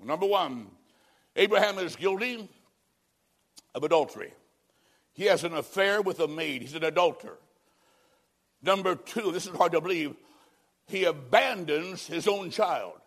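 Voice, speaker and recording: A male preacher with a high voice delivers a fiery sermon. He swings from loud declarations to quiet, drawn-out phrases, slowing down to press his points home. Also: animated. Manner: dramatic preaching with big swings between loud and hushed.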